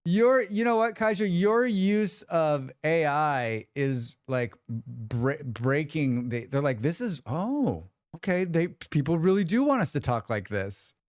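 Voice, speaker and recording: Lively, smooth-voiced man chatting on stream. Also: fairly high pitch, slow, few pauses, no room sound, clean studio sound. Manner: animated storyteller who acts out quotes and swears freely. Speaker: livestream host. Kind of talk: casual livestream chat with viewers.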